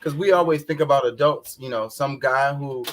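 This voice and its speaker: A man's voice: mid-range voice, normal speed. A young man hosting a casual livestream chat, rambling, swearing and flustered. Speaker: show host.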